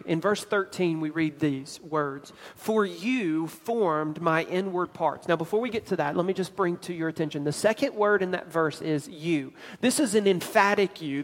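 A man preaching a sermon as pastor, emphatic and building to louder climaxes. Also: a little high, big-room sound.

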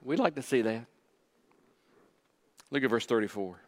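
A man's voice: mid-range voice, expressive, moderate pace, a little mellow. A man, a pastor, preaching a sermon and acting out the voices of the people he quotes.

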